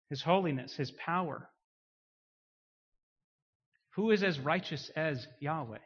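Male preacher, dynamic delivery from hushed to loud, somewhat high voice, muffled recording. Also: takes it slowly, pauses often, slightly rough. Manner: dynamic, swings between quiet emphasis and loud rising declarations. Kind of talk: sermon. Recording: muffled sound with long hall reverb.

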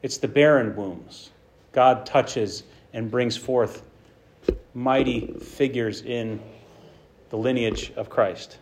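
A man preaching a sermon with passion, swinging between loud bursts and hushed lines and acting out the quotes he tells. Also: medium pitch, takes it slowly, a little hiss or hum.

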